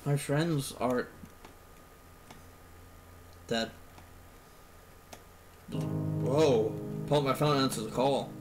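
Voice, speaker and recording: Man, game reaction, teary, swears a lot, repeats himself, mid pitch, music underneath. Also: fairly even intonation, very slow, long pauses, rough recording. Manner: swears often, repeats himself, fights back tears. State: teary-eyed. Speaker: game streamer. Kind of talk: emotional let's-play reaction.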